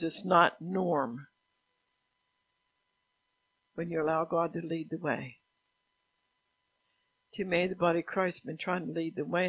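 A preacher delivers a sermon in an earnest, exhorting manner, stopping to explain each scripture passage. The voice sits at a middle pitch, and the recording is dry, with no room sound. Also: fairly bright tone, breathy edge, dry recording, low-quality recording. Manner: earnest, exhorting, asks the listeners direct questions; pauses to explain the passages being read.

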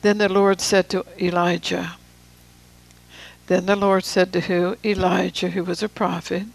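A preacher giving a sermon, reading scripture with slow, deliberate emphasis and casual asides to the room. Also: medium pitch, flat delivery, creaky, low-quality recording.

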